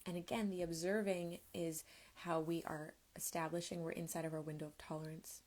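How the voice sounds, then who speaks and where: A woman somatics coach giving a live-streamed teaching talk, explaining in a gentle, unhurried way. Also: on the low side, flat delivery.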